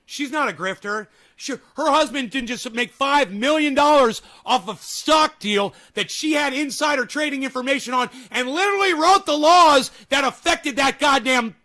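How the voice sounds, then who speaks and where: A man reacting to a video in casual commentary, sarcastic and swinging into loud rants. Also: very high-pitched.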